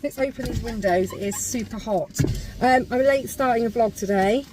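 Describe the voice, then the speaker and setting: A woman's voice: a little high, normal speed, noisy background. A woman chatting casually to camera in a car, upbeat and now and then turning to talk to her kids. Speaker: family vlogger. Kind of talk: casual vlog chat to camera. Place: inside a parked or moving car. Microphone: phone in a holder.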